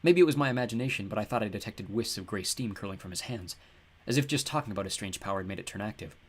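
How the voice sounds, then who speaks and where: A man giving wry, expressive first-person audiobook narration. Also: fairly low pitch, rapid-fire.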